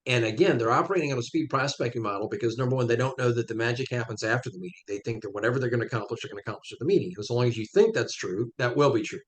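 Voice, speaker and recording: A man's voice: medium pitch, very fast, few pauses. Emphatic man explaining networking ideas. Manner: emphatic, explains with step-by-step examples. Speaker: interview guest. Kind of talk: conversational podcast interview.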